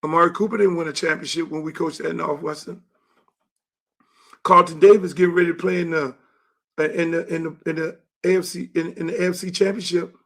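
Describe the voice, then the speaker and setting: High-voiced man ranting. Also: steady tone, fairly quick. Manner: angry, profane, rising to shouts. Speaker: show host and youth football coach. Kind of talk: heated monologue.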